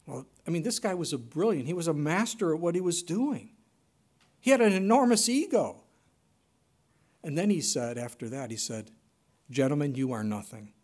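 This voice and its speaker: A man preaching a sermon as pastor, swinging from loud emphatic lines to hushed, near-whispered ones. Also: fairly high pitch, big pitch swings, normal speed.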